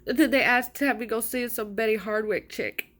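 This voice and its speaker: A woman's voice: fairly high pitch, normal speed, fairly bright tone. A woman telling her own story in an indignant, frustrated, emphatic way, as a mother. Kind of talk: personal account to camera.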